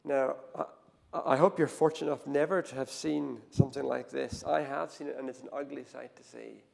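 Man, preaching, gravelly voice, dynamic hushed-to-loud storytelling, long hall reverb. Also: mid-range voice, fairly even intonation, a little fast. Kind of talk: sermon.

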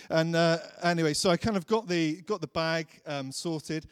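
A man's voice: on the high side, steady tone, fairly quick, few pauses, clean tone, no room sound, studio quality. A man preaching a sermon, telling a personal story in a chatty way and acting out his own thoughts.

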